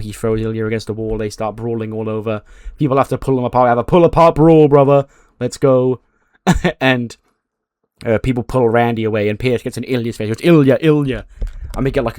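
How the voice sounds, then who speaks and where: A young man recaps his wrestling booking game, chatty and animated, full of fillers. His voice is mid-pitched and sits dry and close to the mic. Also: dry recording. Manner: casual, animated, swearing, many fillers. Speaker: game streamer.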